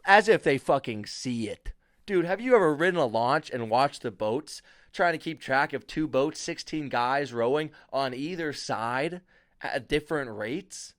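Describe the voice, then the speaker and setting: A man's voice: mid-range voice, lively intonation, unhurried, a bit bright, no room sound, clean studio sound. A young man hosting a casual solo podcast, ranting sarcastically and swearing freely. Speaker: podcast host.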